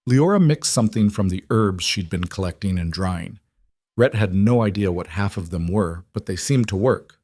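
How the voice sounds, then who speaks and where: A man tells a scripted western story in a steady, measured voice. His voice sits fairly low and sounds dry and close, with no room around it. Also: dry recording. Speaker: narrator. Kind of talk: scripted narration.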